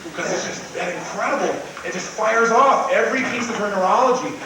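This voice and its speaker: A high-voiced young man in his twenties delivers a seminar talk, animated and dropping into soft, tender tones to make a point. The recording is distant and very roomy, with a steady hiss of noise underneath. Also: brisk. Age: 20s. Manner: animated, swings from loud to hushed tender tones. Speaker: seminar speaker. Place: large room, recorded from a distance. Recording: very echoey, distant, noisy old live recording.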